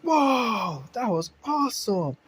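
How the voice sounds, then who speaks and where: A man puts on a high, squeaky young boy, breathless with delight and tripping over his words. He is eager and trusting, like a kid on a ride he loves, in a fan storytelling. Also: sing-song, slow, a bit bright, a little hiss or hum, exaggerated voice. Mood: thrilled.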